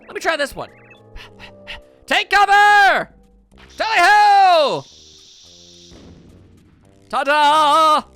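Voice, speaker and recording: A man putting on a feisty little bomb girl from a video game, her voice pushed up high and bouncing all over as she rants and cheers. Her tone is bright and sharp, with soft music in the background. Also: sing-song, exaggerated voice. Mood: eager. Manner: spunky, quick to anger, pitched up high. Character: feisty young female bomb creature. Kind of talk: voicing game dialogue.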